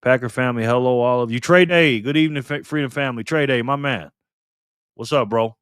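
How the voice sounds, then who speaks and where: A man's voice: medium pitch, fairly quick, a bit bright, clean tone, no echo, studio quality. A man hosting a casual live stream, upbeat and chatty as he reads out viewer names and thanks them one by one.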